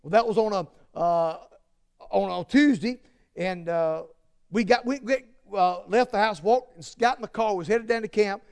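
A man preaching a sermon and telling personal stories, halting with many fillers and restarts, then rising to emphatic peaks. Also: sits high, a little mellow, clean tone. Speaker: pastor.

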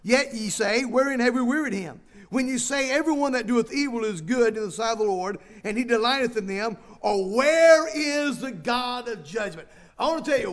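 Male pastor with a high-pitched voice, preaching with emphatic repetition and reading scripture aloud. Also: expressive, normal speed. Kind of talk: sermon.

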